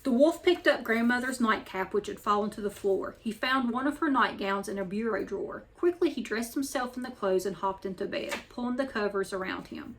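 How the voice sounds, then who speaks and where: A woman hosting a weekly story time, reading a picture book aloud in an even storytelling manner. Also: medium pitch, fairly quick, few pauses. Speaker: storyteller host.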